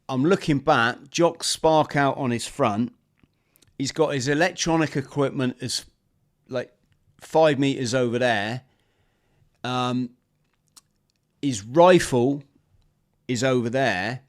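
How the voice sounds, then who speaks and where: A man, a former marine guest on a podcast, telling a lively story and acting out the shouts, talking over a video call. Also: medium pitch, takes it slowly, pauses often. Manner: animated storyteller, acts out shouted quotes. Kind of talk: storytelling interview.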